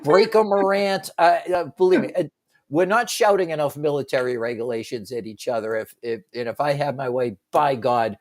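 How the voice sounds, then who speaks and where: Middle-aged male radio co-host, animated, lapses into shouted impressions. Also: a little high, fairly quick. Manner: animated, bursts into shouted movie quotes. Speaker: radio sports talk co-host. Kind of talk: casual talk radio banter.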